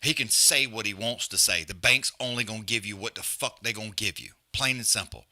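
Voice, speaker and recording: A man's voice: lowish voice, a little fast, sharp tone. A man hosting a live fight stream, ranting bluntly and profanely and repeating himself, then calling the fight. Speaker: fight companion stream host. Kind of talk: profane casual rant and live fight commentary.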